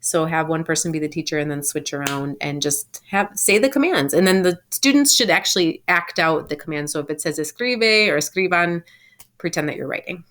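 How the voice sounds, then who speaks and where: Low-voiced woman teaching a recorded class. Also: a bit bright. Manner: clear, patient explaining with slow modelled phrases. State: home sick. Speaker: Spanish teacher. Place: at home.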